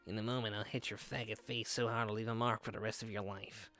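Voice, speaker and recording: A man's voice: fairly low pitch, little pitch movement, quick pace, a bit bright, faint music behind, natural voice. A man voicing a crude, vulgar teenage thug in a game, jeering at a victim.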